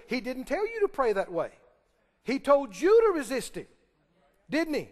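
A man's voice: extremely high pitch, huge pitch swings, normal speed, darkish tone, long reverb tail. A man preaching a sermon, emphatic and firing questions at the congregation. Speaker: pastor.

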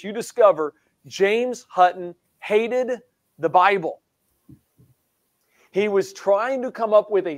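A man with a high, animated voice presents his case emphatically, often restarting sentences. The sound is dry and close. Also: no room sound. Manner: emphatic, animated, many restarts, mocking mimicry. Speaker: guest speaker. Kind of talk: presentation in a live-streamed discussion.

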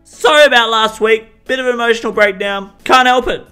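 A man's voice: very high voice, normal speed, smooth, soft background music, voice pushed up. A man voicing a brash, easily riled male market reporter who rants and swears a lot. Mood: hyped. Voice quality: profane, shouty rants. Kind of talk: comedic character bit.

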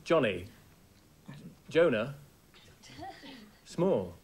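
A man contestant on a television charades show, calling out quick repeated guesses. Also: mid-range voice, very animated, darkish tone. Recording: TV studio with audience.

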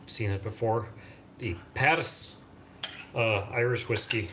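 A man's voice: fairly low pitch, measured pace, pushed and bright, a little hiss or hum. A man hosting a home cooking vlog, chatting in a rambling, enthusiastic way as he mixes a cocktail. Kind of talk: casual chat. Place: home kitchen. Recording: echoey kitchen with clattering dishes.

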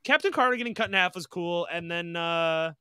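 A man co-hosting a podcast in casual chat, animated and rambling, swearing now and then. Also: sits high, brisk, smooth, no room sound, clean studio sound. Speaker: podcast co-host.

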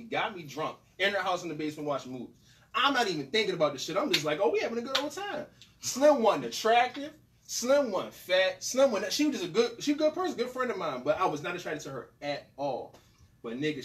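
Animated young man telling a raunchy story. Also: high voice. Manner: profane, animated, acts out both sides of dialogue. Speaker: podcast host. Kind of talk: casual storytelling. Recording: distant mic with faint noise.

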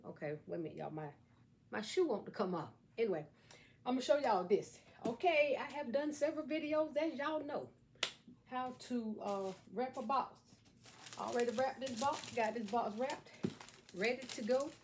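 Folksy chatty woman, high voice. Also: lively intonation, moderate pace, darkish tone, slight background noise. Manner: folksy, playful, talks straight to viewers. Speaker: craft vlogger. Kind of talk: chatty how-to vlog. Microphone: camera on a stand at a table.

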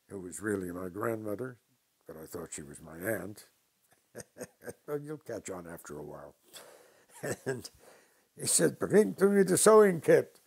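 An older man from New York telling stories from his past slowly and with dry humor in an interview. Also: fairly low pitch, a little mellow, breathy edge. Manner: slow, deliberate anecdotes with dry humor. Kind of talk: storytelling interview.

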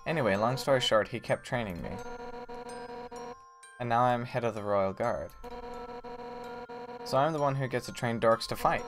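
A man voicing a brash, hot-headed female fish warrior, reading game dialogue aloud in a loud, blunt way. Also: mid-range voice, moderate pace, long pauses, natural voice. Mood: earnest. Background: game music.

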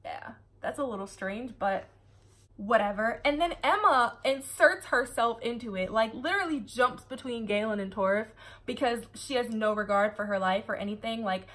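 A woman's voice: on the high side, normal speed, a bit bright. A woman reviewing a book in a casual, chatty way, full of sarcastic asides and laughter.

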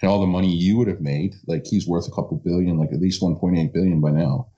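Low-voiced skeptical man, lo-fi sound. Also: fairly even intonation, dark tone. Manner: skeptical, halting with repeated words. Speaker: interviewee. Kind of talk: casual interview talk. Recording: dull lo-fi recording.

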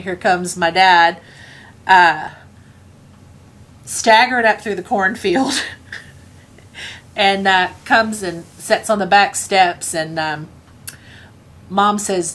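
A woman's voice: fairly low pitch, slow, long pauses, fairly bright tone. A woman with a Scottish accent telling a family anecdote in a casual way, chuckling often and acting out what her parents said. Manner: chuckling, acts out family members' lines. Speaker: storyteller.

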